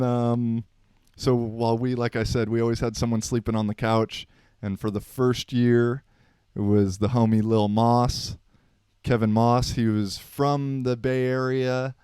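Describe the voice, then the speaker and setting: Laid-back man telling stories, smooth voice. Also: mid-range voice, dark tone, no room sound, studio quality. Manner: laid-back, slangy, rambling with fillers. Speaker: podcast host. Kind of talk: unscripted casual storytelling.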